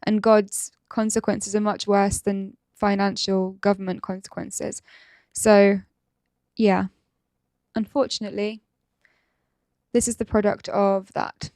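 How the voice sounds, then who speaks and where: A woman's voice: medium pitch, little pitch movement, slow pace, darkish tone, no room sound, clean studio sound. A woman host giving indignant reaction commentary, firing rhetorical questions.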